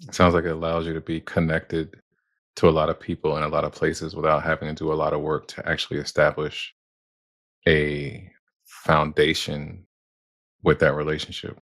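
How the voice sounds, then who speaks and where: A man speaking gently and reflectively, sharing his own past in a measured way. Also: very deep voice, completely flat delivery, dry recording. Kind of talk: empathetic conversation.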